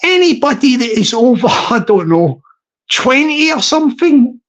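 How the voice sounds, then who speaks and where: A man's voice: extremely high pitch, sing-song, normal speed. Rambling middle-aged Scottish man. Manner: rambling and digressive, with frequent restarts. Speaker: live-stream host. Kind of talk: casual live-stream chat. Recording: slightly dull lo-fi recording.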